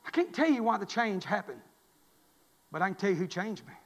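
A man preaching as pastor in a church, repeating lines and building to loud, shouted climaxes. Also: high voice, big pitch swings, a little fast. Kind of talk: sermon. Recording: long reverb of a church hall.

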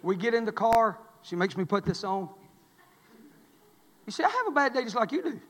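A male pastor preaching a folksy sermon, swinging from quiet asides to loud exhortation. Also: high voice, big pitch swings, moderate pace, long pauses, in a large hall. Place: church sanctuary.

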